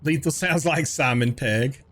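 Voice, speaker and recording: An older man with a Southern US drawl holds a loose, playful game stream and banters with his chat. His voice sits at an ordinary middle pitch, relaxed and conversational. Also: a little slow. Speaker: livestreamer.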